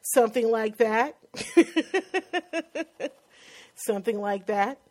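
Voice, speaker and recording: A woman with a New York accent co-hosting a casual chat about TV shows, chatty and quick to laugh. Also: fairly high pitch, expressive, a little mellow. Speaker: podcast co-host.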